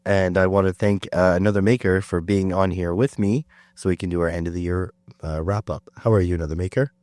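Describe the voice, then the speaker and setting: Man, very low voice, sick, podcast host, casual chat, chatty, dry close sound. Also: a little fast, dry recording. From Canada. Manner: relaxed, chatty, self-deprecating with fillers. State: sick, under the weather.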